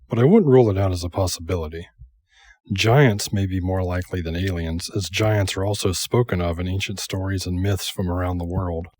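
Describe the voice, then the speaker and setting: A man narrating a scripted history voice-over in a measured, speculative, even tone. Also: low voice.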